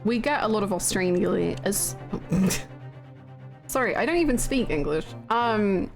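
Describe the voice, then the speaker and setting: A woman's voice: mid-range voice, lively intonation, measured pace, vocal fry. A woman streamer giving giggly, self-mocking commentary on a game playthrough. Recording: music playing behind the voice.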